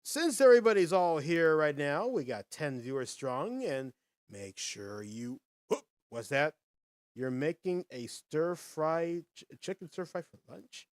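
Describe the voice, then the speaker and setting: A man hosting a casual live podcast, chatting with viewers in a folksy, animated way and reading quiz questions. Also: on the high side, measured pace, no echo, studio quality. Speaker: podcast host.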